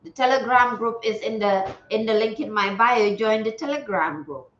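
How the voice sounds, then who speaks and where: A woman's voice: a little high, normal speed, a bit bright, slight background noise. A woman from Gambia hosting a spiritual livestream, talking in an earnest, preachy way and repeating phrases for emphasis. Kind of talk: casual livestream talk. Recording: roomy, dull lo-fi sound.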